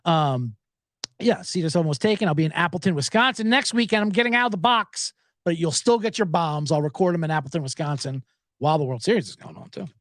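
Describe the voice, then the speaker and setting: A man, hosting a podcast and rambling through a profane, animated story. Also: fairly high pitch, fast talker, no echo. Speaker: podcast host. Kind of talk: casual storytelling monologue.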